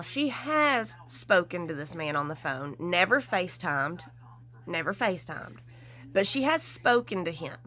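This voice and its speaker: A woman vlogger giving casual, gossipy commentary, animated and frank with some mild swearing. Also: medium pitch.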